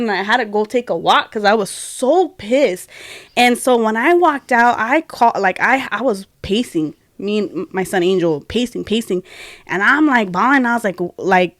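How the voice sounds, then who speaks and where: A woman's voice: fairly high pitch, dry recording, clean studio sound. A young woman co-hosting a podcast, telling a personal story in casual chat, acting out quotes and dropping in Spanish words. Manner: animated, acts out quotes, mixes in Spanish words. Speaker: podcast co-host.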